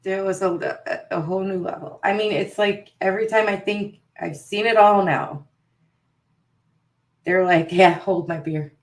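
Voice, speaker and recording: A co-host with a mid-pitched, ordinary voice, chatting casually on a stream. The delivery is wry and exasperated, and the sarcasm is dry. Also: steady tone, moderate pace. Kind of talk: casual commentary chat.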